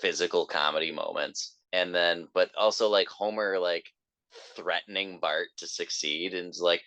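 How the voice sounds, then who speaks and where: A man's voice: low-pitched, steady tone, normal speed, bright, forceful tone, no echo, poor audio. A man hosting a podcast in casual chat, talking with enthusiasm and plenty of fillers. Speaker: podcast host.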